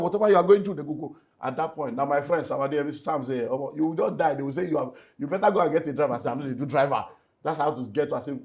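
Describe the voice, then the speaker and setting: A middle-aged man with a Nigerian accent, a pastor talking about his life in an emotional way that rises into loud, emphatic bursts. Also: a little high. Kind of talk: candid personal testimony in conversation.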